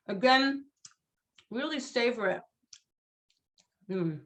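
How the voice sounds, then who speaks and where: A woman's voice: medium pitch, slow, pauses often. A woman rabbi leading a seder over a video call, chatty and laughing often, chanting Hebrew blessings.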